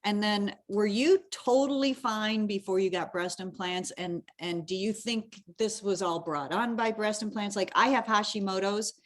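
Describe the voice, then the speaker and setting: A woman's voice: medium pitch, moderate pace, hardly any pauses. A woman hosting a podcast, chatting casually and emotionally with her guest, often restarting her sentences. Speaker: podcast host. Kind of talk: casual interview chat.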